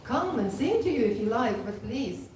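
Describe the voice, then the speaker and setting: A woman's voice: mid-range voice, expressive, moderate pace, noisy background, natural voice. A woman voicing a pair of timid, polite parrots who speak nervously. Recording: echoey hall from far off.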